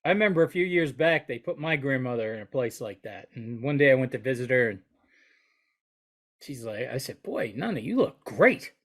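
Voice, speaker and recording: A man's voice: medium pitch, fairly quick, a bit bright. A man co-hosting a podcast who rambles and jokes in casual banter with his partner. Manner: joking, rambling. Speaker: podcast co-host, flooring contractor.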